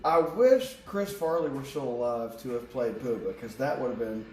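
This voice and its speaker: A man's voice: mid-range voice, expressive, normal speed, a little mellow, slight background noise. A man giving a casual tarot reading, rambling off on tangents and swearing casually. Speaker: tarot reader. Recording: echoey room, distant mic, faint ambience.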